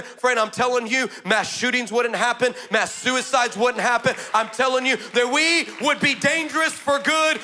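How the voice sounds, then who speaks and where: A male pastor preaching a sermon, energetic and humorous, telling stories and building to shouts. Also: very high-pitched, normal speed, hardly any pauses. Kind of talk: sermon with storytelling.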